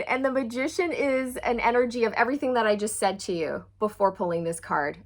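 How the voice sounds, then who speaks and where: A woman reading tarot for her viewers. She sounds excitable and encouraging, speaks straight to the viewer, and often breaks into squeals and laughter. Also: medium pitch, fairly quick. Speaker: tarot reader.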